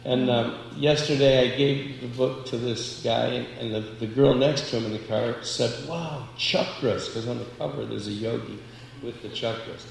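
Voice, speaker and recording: A man telling lively, self-deprecating stories and laughing as he goes. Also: mid-range voice, normal speed, gravelly, a little hiss or hum. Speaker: book distributor sharing a realization. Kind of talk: casual storytelling. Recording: echoey room with hall reverb and faint ambience.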